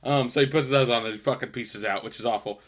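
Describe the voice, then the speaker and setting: A man's voice: medium pitch, quick pace, fairly bright tone. A man co-hosting a podcast in casual chat, swearing, laughing and acting out scenes from shows. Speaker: podcast co-host.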